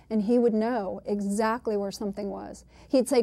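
A woman's voice: mid-range voice, fairly even intonation, normal speed, hardly any pauses, mellow, no room sound. A woman telling a family anecdote in a documentary interview, acting out the quotes. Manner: acts out quotes, laughs while telling. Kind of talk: animated storytelling.

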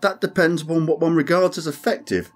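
A man's voice: a little high, steady tone, fairly quick, pitched above the performer's own voice, natural voice. A man voicing a grim, sardonic male alien crewman who speaks dryly and insistently. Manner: dry, insistent, ominous.

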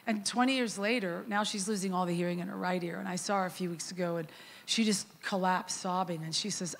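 This middle-aged woman speaks briskly in a medium-pitched, creaky voice. She is a guest worship leader preaching a sermon, telling a story conversationally and with energy while acting out the quotes.

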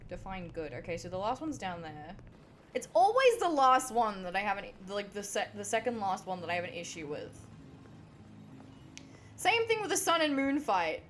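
A woman streaming a game, chatting to her audience in excitable, foul-mouthed commentary. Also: medium pitch, moderate pace, pauses often, soft background music. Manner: excitable, swears a lot, talks to the chat. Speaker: gaming streamer. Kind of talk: let's-play commentary.

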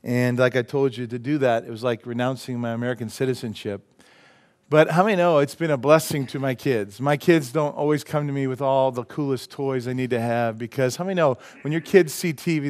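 A male pastor preaches a sermon in a church, with a voice a little higher than most men's. He keeps things loose and cracks jokes, laughing at them before he lands the punchline. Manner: joking, laughs at his own jokes. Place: church sanctuary.

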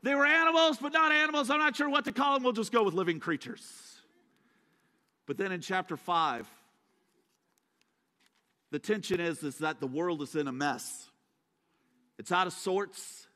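An American man preaches as a guest speaker in a church sanctuary, his high-pitched, bright voice forceful and moderately paced with long pauses. He tells the story dramatically with joking asides, and the hall echoes around him.

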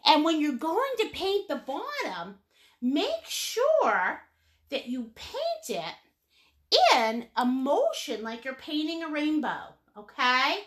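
Woman painting instructor, playful and warm with viewers, bright voice with unhurried delivery. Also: sits high, wildly swooping pitch. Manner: chatty and encouraging, greets viewers with pet names; playful, laughs often. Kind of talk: live-streamed painting lesson.

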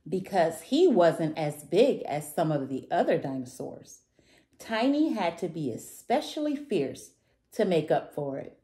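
A woman reading a picture book aloud to children, warm and sing-song. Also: on the low side, sing-song, a little slow. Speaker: children's story reader. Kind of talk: read-aloud storytelling for kids.

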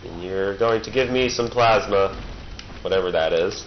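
Joking low-voiced man gaming. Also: normal speed. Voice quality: joking, rambling, playful. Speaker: let's-play gamer. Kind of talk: casual gameplay commentary. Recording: muffled with game noise behind. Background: game sounds.

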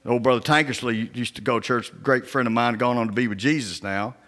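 A male pastor preaching a sermon, telling personal stories in a folksy, down-home way and often dropping to a hushed voice. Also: medium pitch, fairly even intonation, fairly quick. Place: church sanctuary. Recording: church sanctuary with long reverb.

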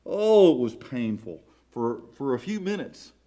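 A man's voice: medium pitch, big pitch swings, unhurried, dark tone. A middle-aged man with a Southern US accent, preaching a sermon in a church sanctuary with emotional, emphatic swells. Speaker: pastor.

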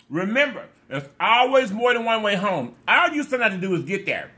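Talking with his mouth full at times, a male mukbang vlogger chats casually to viewers as he eats, effusive and repeating phrases. His voice sits high and sing-song, pushed and bright, at normal speed with hardly any pauses.

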